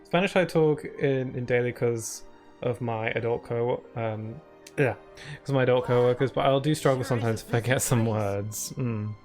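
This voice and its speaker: A man's voice: mid-range voice, moderate pace, a little mellow, faint music behind. A British man chatting casually while streaming a video game, laughing often and reading chat and on-screen text aloud. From United Kingdom.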